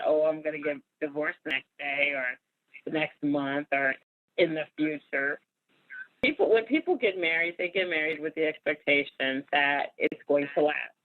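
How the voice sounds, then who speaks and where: A woman's voice: low-pitched, no echo. Candid woman host on a tinny line. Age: 40s. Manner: candid, emphatic, laughs often. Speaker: podcast host. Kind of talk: casual chat.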